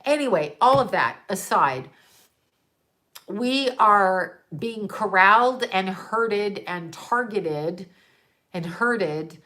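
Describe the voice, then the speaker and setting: A woman's voice: medium pitch, expressive, slow, fairly bright tone. Woman on a phone stream ranting, medium voice, keeps cutting herself off, lots of "are you telling me", cussing. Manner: exasperated, profane, laughing in disbelief; trailing off and restarting, rhetorical questions. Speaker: livestream host talking to viewers. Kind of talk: rambling casual monologue.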